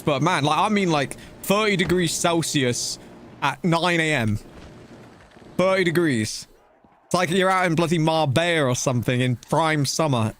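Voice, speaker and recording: A man's voice: on the high side, a bit bright. A young man casually commenting on a game he is playing live, chatting loosely with his viewers. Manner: chatty and loose, talking to chat while playing, slangy with "bro" and "dude". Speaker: game streamer.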